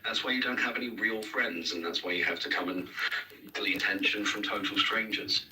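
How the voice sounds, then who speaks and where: A man's voice: lowish voice, fairly even intonation, brisk, noisy background. Blunt English man on a distant call. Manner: blunt, lecturing. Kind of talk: heated argument.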